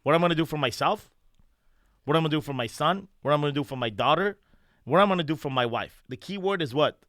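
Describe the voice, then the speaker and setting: Bright, forceful man preaching bluntly. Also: on the high side, animated, fast, no room sound, clean studio sound. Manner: blunt, profane, preachy, emphatic repetition. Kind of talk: forceful motivational talk.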